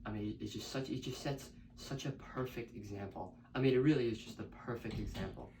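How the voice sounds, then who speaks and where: Distant, slightly low-voiced man. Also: brisk, a little mellow, slight background noise. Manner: earnest, repeating himself. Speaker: son praising his father. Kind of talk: heartfelt tribute speech.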